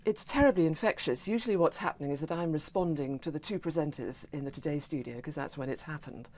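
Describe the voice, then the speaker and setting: A middle-aged woman, a radio newsreader, answering interview questions in a clear, measured way, with a tendency to giggle. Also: low-pitched, darkish tone.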